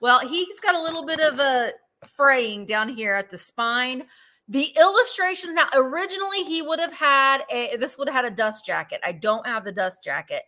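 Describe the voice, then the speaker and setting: A woman's voice: high voice, lively intonation, moderate pace, bright, forceful tone. A woman hosting a live vintage sale, chatting casually, laughing easily and describing each item in detail. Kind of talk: casual live-stream selling.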